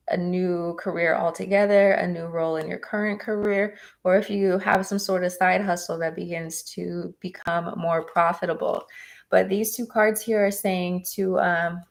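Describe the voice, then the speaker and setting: A woman's voice: fairly low pitch, gravelly. A woman giving live-stream tarot readings, chatting with viewers in an encouraging way. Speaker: tarot reader.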